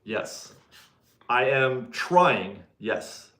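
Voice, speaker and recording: A man's voice: medium pitch, animated, drawn-out words, a bit bright, roomy sound. A man hosting a casual livestream, chatting, laughing often and correcting himself as he answers viewers. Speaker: livestream host reading viewer donations.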